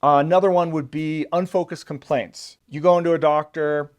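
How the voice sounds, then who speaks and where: A man's voice: a little high, fairly even intonation, moderate pace. A man hosting an online video, explaining in a casual, conversational way with loose fillers, and acting out quoted patients with sudden emphasis. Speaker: channel host explaining a health topic.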